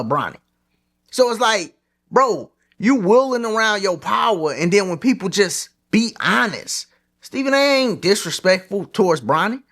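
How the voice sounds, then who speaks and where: A man with a high voice that swings widely as he hosts his own sports commentary vlog. He talks in an animated, opinionated way, full of casual slang. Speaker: host of a sports commentary channel.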